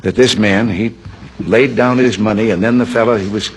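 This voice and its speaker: A low-pitched older man in his seventies spins jokes in a folksy, easygoing way. He chuckles now and then as he tells the story. A faint hiss of noise sits under his voice. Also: steady tone, normal speed. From United States. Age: 70s. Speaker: public speaker telling jokes. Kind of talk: anecdotal joke-telling from an archive recording.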